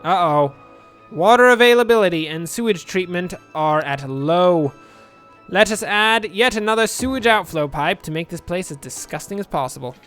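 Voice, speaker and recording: A let's play commentator talks over a city-building game in a casual, rambling way, cracking dry, self-mocking jokes. His slightly high voice is expressive and fairly bright at a moderate pace, backed by soft music.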